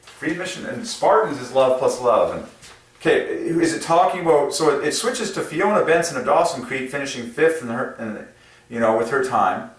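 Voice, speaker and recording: Excitable man in a very echoey room. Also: normal speed. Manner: excitable, with many fillers and sudden jumps in pitch. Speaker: religious numerology video host. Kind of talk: rambling casual monologue. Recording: very echoey room, far from mic.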